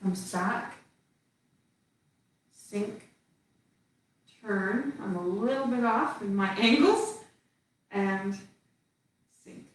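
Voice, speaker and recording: Slow, calm woman in an echoey room. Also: medium pitch, distant mic. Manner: calm, slow cues spoken while moving. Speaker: tai chi instructor. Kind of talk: calling out tai chi moves while demonstrating. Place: indoor room with little space. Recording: very echoey room, voice away from the mic.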